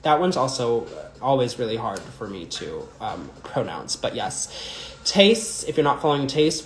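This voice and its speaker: A man's voice: medium pitch, fairly bright tone. A young adult man chatting casually on a livestream as a drag performer, rambling and full of filler words while answering viewer comments. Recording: echoey room with faint music.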